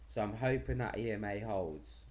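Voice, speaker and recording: Hosting a live stream, a man chats cheerfully in a loose, rambling patter despite losing his voice. It sits on the low side, a little mellow, at normal speed.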